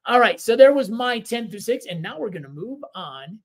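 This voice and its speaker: Man, fairly high pitch, casual board game co-host, easygoing rambly explainer. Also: brisk, gravelly. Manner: relaxed, rambling explanations with fillers. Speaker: podcast co-host.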